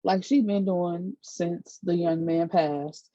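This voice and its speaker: Low-voiced woman chatting through a TV recap. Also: slow pace, no room sound. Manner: chatty, animated retelling with lots of fillers. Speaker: TV episode recap reviewer. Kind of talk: casual TV recap chat. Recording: dull lo-fi dry recording.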